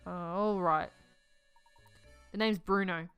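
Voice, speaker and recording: A woman's voice: on the low side, steady tone, takes it slowly, fairly bright tone, clear, resonant tone, dry recording, soft background music. A woman voicing a polite elderly male caretaker who builds robots, her put-on accent drifting as she reads. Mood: formal. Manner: accent keeps shifting.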